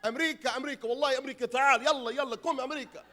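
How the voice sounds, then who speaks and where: A man's voice: very high voice, steady tone, very fast, bright, forceful tone. A man voicing an airport official who eagerly calls out and beckons to travelers. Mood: beckoning. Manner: calling out, beckoning. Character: loud airport official hailing Americans.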